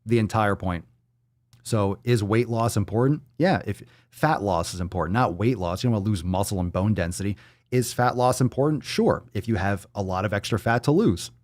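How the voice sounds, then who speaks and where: A man's voice: lowish voice, a little fast, darkish tone, dry recording, studio quality. A man hosting a live fitness show, reading out viewer comments and answering questions in a brash, profane, hype-man way. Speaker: fitness podcast host.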